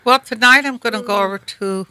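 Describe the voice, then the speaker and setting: A woman's voice: fairly high pitch, a little fast, bright, forceful tone, clean tone, no room sound, rough recording. A middle-aged woman co-hosting a talk show, giving brief, easygoing replies. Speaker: co-host. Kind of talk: casual talk show banter.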